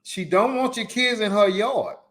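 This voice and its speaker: Preachy emphatic man, fairly high voice. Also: normal speed, fairly bright tone. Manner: colloquial, casual slang. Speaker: podcast host. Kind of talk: solo live-stream commentary.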